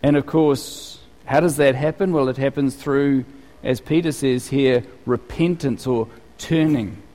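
A man's voice: mid-range voice, steady tone, a little slow, mellow, in a large hall. A male pastor giving a sermon, telling stories in a conversational way with frequent restarts.

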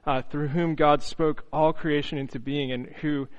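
Earnest man preaching, slightly high voice. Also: fairly even intonation, moderate pace, muffled recording. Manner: earnest, reflective, with frequent "you know" and small restarts. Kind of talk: sermon.

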